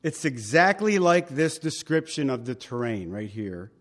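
A man's voice: medium pitch, sing-song, measured pace. A male pastor giving a verse-by-verse Bible teaching sermon, conversational and emphatic, with chatty asides to the congregation.

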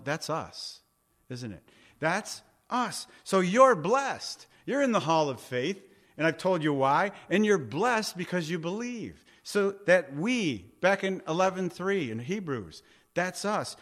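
A man's voice: a little high, fairly bright tone. A man preaching a sermon, conversational, often asking his listeners questions. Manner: conversational, asks the congregation questions. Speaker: pastor.

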